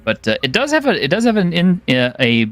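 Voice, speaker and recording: A man narrating as game master of a tabletop game, relaxed and chuckling, with lots of fillers. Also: sits high, a little fast, no room sound.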